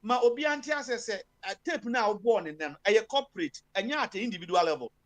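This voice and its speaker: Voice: medium pitch, lively intonation, quick pace. Emphatic Ghanaian political commentator. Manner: mixes Twi and English, heavy fillers, emphatic. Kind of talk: impassioned political talk.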